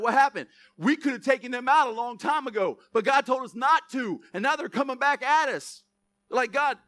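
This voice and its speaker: A young man preaching a sermon as pastor, swinging between loud, emphatic preaching and self-mocking jokes. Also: high-pitched, no echo.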